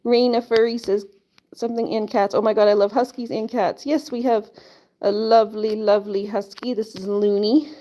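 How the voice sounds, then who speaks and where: A chatty woman talks casually into her camera at home, reading out viewer comments and rambling on. Her voice sits at an ordinary pitch for a woman. There is a faint hiss of noise in the background. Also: fairly even intonation, moderate pace, dark tone. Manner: chatty, lots of "like" and laughs, coos to pets. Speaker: livestream host. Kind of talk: casual live-stream chat with viewers and pets. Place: home, indoors. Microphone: phone or webcam camera.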